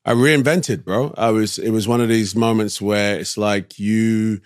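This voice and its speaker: A man with a London English accent, a guest telling relaxed anecdotes in an interview with slangy asides. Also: on the low side, unhurried, no room sound, clean studio sound. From England. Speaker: actor guest. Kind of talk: casual interview storytelling.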